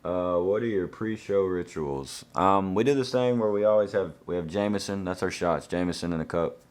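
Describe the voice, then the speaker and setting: A man's voice: low voice, normal speed. A young man, reading out fan questions and answering them in an easygoing, laid-back way.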